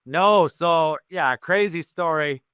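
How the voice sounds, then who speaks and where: A man's voice: on the high side, slow, sharp tone, clear, resonant tone, no room sound, studio quality. A man talking as a guest on a casual podcast, joking and self-mocking and laughing often. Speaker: guest hockey analyst.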